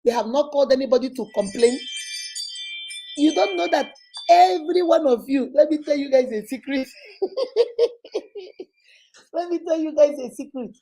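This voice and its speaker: A Nigerian woman whose voice sits high with a dark tone hosts an informal live advice session. Animated and full of laughter, she acts out phone calls.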